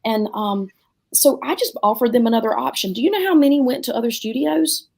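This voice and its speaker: A woman's voice: a little high, a little fast, gravelly, breathy edge. Middle-aged woman, dance studio owner, chatty storyteller who acts out every quote. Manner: animated, acts out quotes in different voices. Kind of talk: casual storytelling chat.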